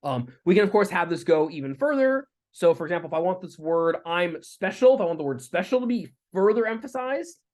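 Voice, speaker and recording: A man teaching a lecture with live coding, talking in a relaxed way with fillers and restarts. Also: high voice, a little fast, few pauses. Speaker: instructor.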